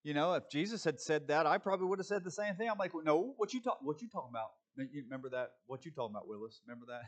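Male preacher, slightly high voice, chatty sermon delivery that slips into acted-out quotes. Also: quick pace. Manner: conversational, animated, acts out voices with laughs and restarts.

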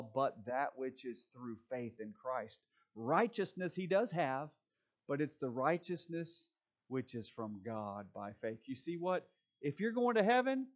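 A man preaching a conversational sermon, reading scripture slowly and rising to emphatic peaks. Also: medium pitch.

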